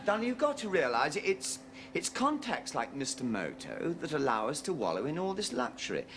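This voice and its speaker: A man's voice: unhurried, pauses often, very noisy, full character voice. An actor playing a charming, wheedling, womanizing middle-aged husband in a sitcom. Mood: coaxing. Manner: charming, wheedling, with lively pitch swings. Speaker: philandering husband. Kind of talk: studio sitcom acting.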